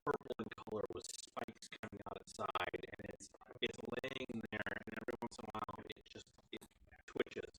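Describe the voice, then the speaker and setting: Male DM, mid pitch, rambling animated narration, noisy room recording. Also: normal speed, far from the mic. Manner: rambling and animated, many restarts. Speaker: dungeon master. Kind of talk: narrating a tabletop game.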